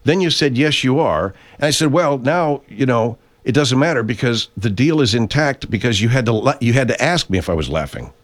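A man's voice: medium pitch, expressive, brisk, hardly any pauses, natural voice. An actor playing a stuffed-up, profane voice-over performer who argues, stammers and keeps insisting he isn't laughing, in a comic radio bit. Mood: defensive. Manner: argumentative, stammering restarts, profane. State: stuffed-up nose. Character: defensive middle-aged man recording voice-over, insisting he isn't laughing. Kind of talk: comic radio character acting.

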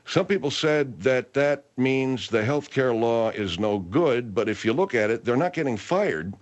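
A male radio talk show host rambles through the news, pausing and restarting his thoughts. His medium-pitched voice rises and falls in a lively way. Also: muffled recording. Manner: rambling, hesitant, lots of restarts.

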